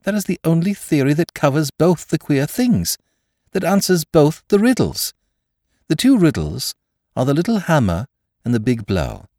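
A man voicing an excitable, nervous young curate who talks in trembling, feverish agitation. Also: fairly low pitch, normal speed, no echo, clean studio sound, pitched above the performer's own voice, natural voice.

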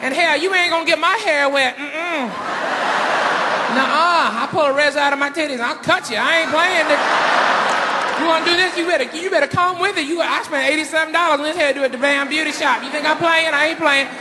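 A man's voice: extremely high pitch, very noisy. A man doing a sassy defiant woman. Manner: sassy, drawn-out scolding. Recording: live comedy show, loud crowd.

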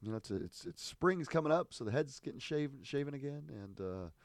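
A man's voice: mid-range voice, animated, a little fast, dry recording, studio quality. A man chatting casually as a podcast co-host, telling stories in a rambling, amused way, restarting and interrupting himself. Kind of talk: casual chat.

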